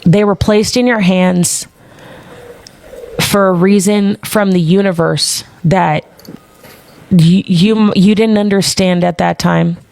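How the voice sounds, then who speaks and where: A woman's voice: mid-range voice, steady tone, slow pace, gravelly, long pauses, a little mellow, no room sound. A woman hosting a live stream, giving an impassioned speech full of emphatic swearing.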